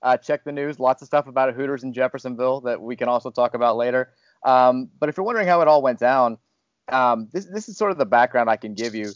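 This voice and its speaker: A man's voice: medium pitch, fast, smooth, dry recording. Man podcast host, candid and rambling, dry close mic, slightly dull sound. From Louisville, Kentucky area. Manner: candid, rambling, self-deprecating with laughs. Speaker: podcast host, fired radio host. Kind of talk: casual podcast chat.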